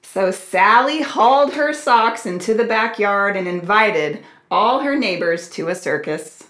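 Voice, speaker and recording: Brief: children's librarian woman, bright lively storytime reading, slow and animated, in a roomy, echoey space. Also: mid-range voice. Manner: slow, expressive, asks the children questions.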